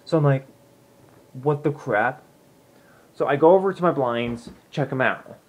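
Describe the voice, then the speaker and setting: A man's voice: mid-range voice, measured pace. A young man telling a ghost story from his home to camera, rambling casually with lots of restarts and "I'm like" asides. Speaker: vlogger.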